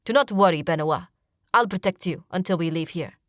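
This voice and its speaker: A woman's voice: lowish voice, a little fast, no room sound, clean studio sound, lightly acted. A woman reading an audiobook, voicing a loyal, protective male warrior companion who speaks formally and sternly.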